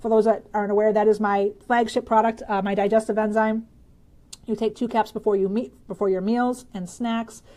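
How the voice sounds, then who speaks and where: A woman's voice: medium pitch, level tone, a little fast, mellow. A woman from Michigan hosting a casual live stream, bubbly and chatty, reading out viewer comments and answering health questions with frequent laughs.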